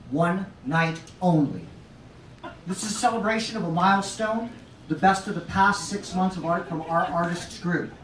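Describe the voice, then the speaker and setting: A man's voice: high voice, fairly bright tone, a little hiss or hum. A man giving an earnest, formal welcome speech at an art show. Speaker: founding member of an art group giving a speech. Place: art show in a restaurant lounge. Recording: roomy sound from a distant camera.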